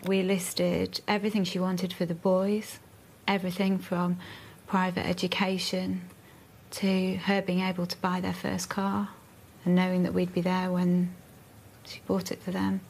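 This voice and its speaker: A woman's voice: lowish voice, completely flat delivery, measured pace, vocal fry, a little mellow, a little hiss or hum. A woman in a documentary interview, steadily recounting events in a matter-of-fact way. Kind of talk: emotional interview recollection.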